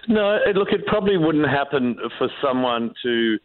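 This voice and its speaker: A man, an author being interviewed, tells stories in an animated way and often restarts his sentences. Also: mid-range voice, normal speed, no room sound. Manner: animated, acts out quoted voices, many restarts. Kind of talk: anecdotal storytelling. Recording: tinny dry phone line.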